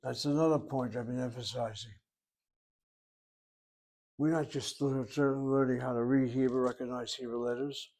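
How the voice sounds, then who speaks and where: A man's voice: medium pitch, fairly even intonation, moderate pace, pauses often, a little mellow. A man teaching a Hebrew grammar lesson, methodical and repetitive, explaining each rule step by step. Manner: methodical, repeats key terms, explains step by step.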